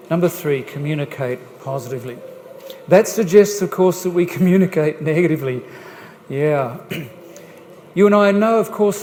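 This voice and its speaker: A man's voice: high-pitched, a little hiss or hum. Jokey man in a church hall. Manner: jokey, lively, addresses the audience directly with questions. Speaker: guest speaker on family life. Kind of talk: church seminar talk. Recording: echoey church hall, faint ambience.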